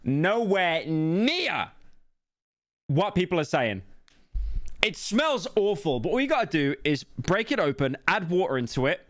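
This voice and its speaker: A man's voice: sits high, very animated, moderate pace, a bit bright, dry recording, studio quality. Blunt, rambling male streamer. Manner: blunt, rambling, crude, with frequent restarts. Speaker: streamer reacting to a video. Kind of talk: casual live-stream reaction commentary.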